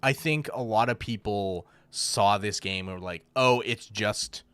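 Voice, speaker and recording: A man co-hosting a podcast in casual chat, a laid-back, lively storyteller who swears casually. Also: on the low side, unhurried, clear, resonant tone, no room sound. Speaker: podcast co-host.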